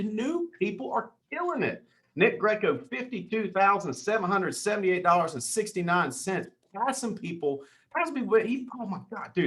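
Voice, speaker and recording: A man's voice: sits high, a bit bright. Hyped-up man rattling off sales leaderboards. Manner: hyped, calls everyone dude and brother, quick asides. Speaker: team leader hosting a weekly sales call. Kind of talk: excited leaderboard shout-outs on a call.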